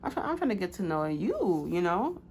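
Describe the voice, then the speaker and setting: A woman's voice: on the low side, sing-song, a little mellow, slight background noise. A woman playing a pushy flirt who is already in a relationship, stumbling through a come-on. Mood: sleazy, fumbling. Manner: halting, fumbling come-on full of filler.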